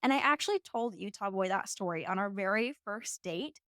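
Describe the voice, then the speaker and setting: A woman's voice: mid-range voice, lively intonation, brisk, fairly bright tone, no room sound, studio quality. A young woman in her twenties hosting a podcast, telling a personal story in a casual, chatty way full of "like" fillers. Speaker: podcast host.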